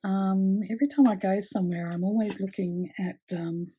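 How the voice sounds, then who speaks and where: A woman's voice: medium pitch, steady tone, normal speed, dark tone, husky. A woman chatting casually with lots of fillers while she demonstrates a craft project with her hands. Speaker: craft tutorial host.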